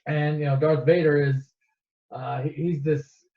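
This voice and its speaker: A man tells a movie's story in a loose, joking campfire way, tripping over his words and tossing in crude asides. His voice sits a little high. The sound is echoey and dull, like a lo-fi home recording. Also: fairly even intonation. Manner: rambling, swears, restarts, quick asides. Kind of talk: casual comedic movie retelling.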